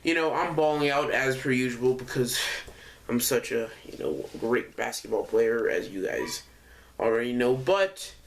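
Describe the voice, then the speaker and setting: A man's voice: mid-range voice, lively intonation, measured pace, vocal fry, a little hiss or hum. A young man telling a casual storytime, rambling and correcting himself often with lots of fillers. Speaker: vlogger.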